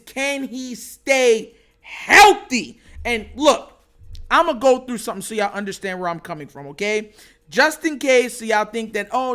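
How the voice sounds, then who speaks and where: A man hosting a casual sports commentary show, excitable and animated, laughing often. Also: sits high.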